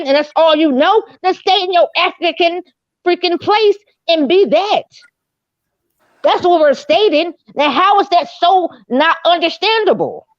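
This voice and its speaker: A woman with a high voice presses her point over and over in a heated online audio debate. She sounds insistent and keeps asking to be respected. The sound is dry and dull, like a lo-fi voice-chat stream. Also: no echo. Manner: insistent, repeats herself, pleads for respect.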